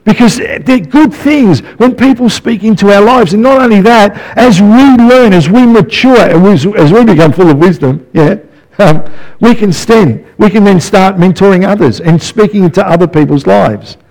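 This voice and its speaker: A man's voice: high-pitched, normal speed, darkish tone, poor audio. A man preaching a conversational sermon to his church, often checking in with the congregation. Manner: conversational preaching with frequent "yeah?" check-ins. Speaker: pastor.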